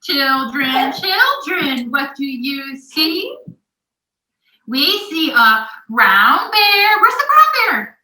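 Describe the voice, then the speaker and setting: A high, very bright woman's voice reads to a toddler in an animated sing-song, slow and deliberate, cheering the child on and making playful animal noises. She sits back from the mic in an echoey room. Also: recorded from a distance. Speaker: adult reading a picture book aloud to a young child.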